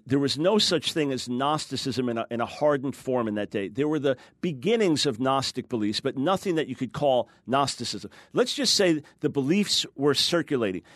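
A man's voice: fairly high pitch, no room sound, clean studio sound. A man, a guest author, teaching with emphasis in an interview and acting out quoted voices. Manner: emphatic, fast explaining, acts out quoted voices.

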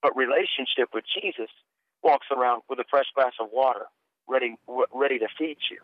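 A fairly quick, medium-pitched male voice comes through a dry, tinny phone line. The speaker, a middle-aged minister and author guesting on radio, earnestly tells his testimony, stammering on his restarts.

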